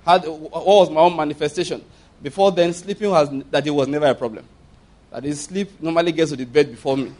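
A man's voice: on the high side, a little fast, darkish tone. A middle-aged man with a Nigerian accent preaching a sermon in a conversational, emphatic way, often repeating himself. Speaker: pastor.

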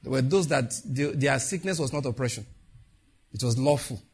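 A Nigerian man preaching a sermon, mixing Pidgin asides with animated warnings and slow, solemn prayer lines. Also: medium pitch, breathy edge. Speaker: pastor.

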